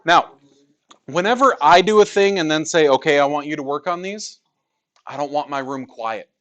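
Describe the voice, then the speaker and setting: A man's voice: fairly high pitch, expressive, normal speed, fairly bright tone. A male math teacher teaching a class in a classroom, joking with students and asking rhetorical questions.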